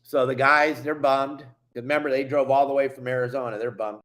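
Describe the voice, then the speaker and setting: A man hosting a fishing show, telling a story with excitable, slangy exaggeration and a Californian accent. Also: medium pitch, a little fast, few pauses. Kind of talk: animated storytelling.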